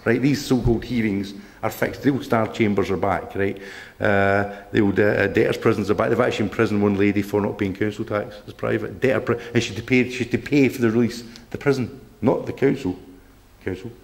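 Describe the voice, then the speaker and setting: A man with a low, gravelly voice speaks to a local meeting, blunt and combative. He swears freely and keeps checking in with "right?" as he drives each point home. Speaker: campaign speaker. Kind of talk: public talk to a local group. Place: meeting room.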